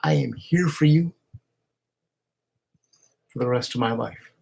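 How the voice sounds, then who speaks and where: A man records a heartfelt video message straight into a camera, his voice gravelly and a little husky. He talks in an emotional, halting way, stopping and restarting as he goes. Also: medium pitch, a little mellow. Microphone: camera he speaks into.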